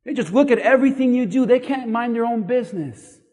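Male pastor, high voice, emphatic and repetitive sermon delivery, recorded in a reverberant hall. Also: brisk. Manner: animated, emphatic preaching with repetition.

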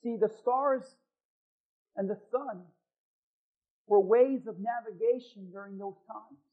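A man preaching a sermon as pastor, swinging from loud, emphatic lines to hushed ones. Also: sits high, slow pace. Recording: thin phone-like sound.

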